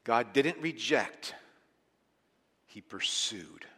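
A man preaching a sermon as pastor, animated and emphatic, dropping to hushed lines and rising to loud ones. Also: medium pitch, extremely slow, breathy edge. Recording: long hall reverb.

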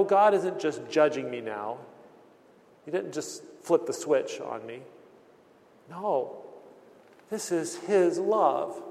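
A man's voice: fairly high pitch, creaky, darkish tone. A man preaching a sermon as pastor, earnest, acting out the voices he quotes and often restarting his words. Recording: long hall reverb.

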